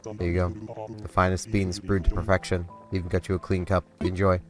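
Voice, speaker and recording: A man voicing a calm male pigeon café owner in a video game, speaking low and unhurried. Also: over music, close to an everyday voice.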